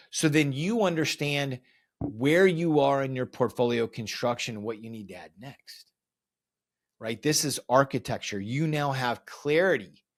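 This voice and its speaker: A man hosting a podcast, walking listeners step by step through a process and recapping his points. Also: mid-range voice. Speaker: podcast host. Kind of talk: instructional podcast monologue.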